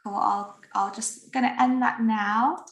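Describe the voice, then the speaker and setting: A woman's voice: a little high, steady tone, unhurried. A woman co-hosting, chatting casually about poll results and restarting her sentences. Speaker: co-host running a poll. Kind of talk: casual chat. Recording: roomy, distant mic.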